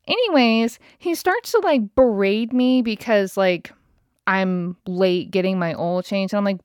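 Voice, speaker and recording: A woman in her thirties hosts her own podcast and rambles through a story in a casual, exasperated voice, swearing freely. Her pitch sits in an ordinary middle range. The sound is dry and close-miked, with no room in it. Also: lively intonation, unhurried, darkish tone, dry recording. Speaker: podcast host. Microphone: podcast mic.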